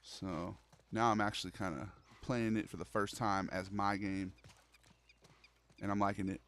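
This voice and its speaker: This young man's voice sits on the low side, with fairly even intonation, a moderate pace, and a fairly bright tone. Streaming a horror game, he chats casually with viewers, using plenty of slang and calling them "bro."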